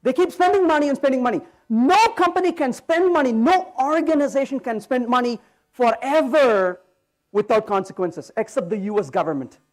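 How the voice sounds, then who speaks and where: Lively, joking male conference speaker. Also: very high voice, moderate pace. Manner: animated, joking storyteller; asks the audience rhetorical questions. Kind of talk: conference talk. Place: conference hall stage.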